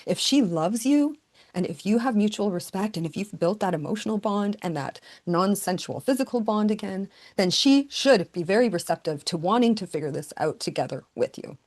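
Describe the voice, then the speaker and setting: A woman's voice: mid-range voice, animated, normal speed, darkish tone. Frank woman giving relationship advice. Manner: frank, coaching, plain-spoken. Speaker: relationship podcast host. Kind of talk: direct advice monologue.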